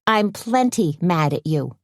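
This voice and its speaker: A woman's voice: lowish voice, very animated, a little slow, no room sound, clean studio sound, heavily acted. A woman reading an audiobook, voicing a brash, anxious woman who scolds her husband in a raised voice. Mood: exasperated. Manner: bossy, exasperated.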